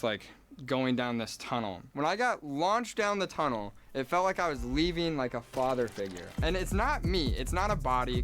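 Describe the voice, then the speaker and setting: A young man telling a rambling personal story, packed with filler words. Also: medium pitch. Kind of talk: storytelling trip report.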